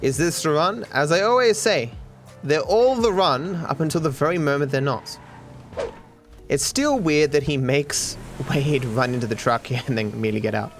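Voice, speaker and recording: A man's voice: fairly high pitch, normal speed, soft background music. A man streaming a game, joking at his own expense, swearing freely and talking to his chat. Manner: joking, profane, self-deprecating, talks to chat. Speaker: gaming streamer. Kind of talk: livestream gameplay commentary.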